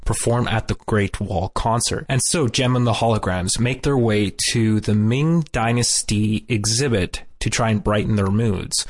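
A man's voice: lowish voice, unhurried, few pauses. A man co-hosting a casual podcast, summarizing a cartoon episode and reacting with disbelief. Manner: incredulous, summarizing plot then reacting. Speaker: podcast co-host. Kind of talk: casual chat recapping a cartoon.

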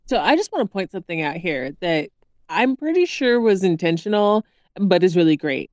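A woman co-hosting a podcast in casual chat, animated and quick to laugh. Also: fairly low pitch, dry recording. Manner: chatty, animated, laughs often. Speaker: podcast co-host.

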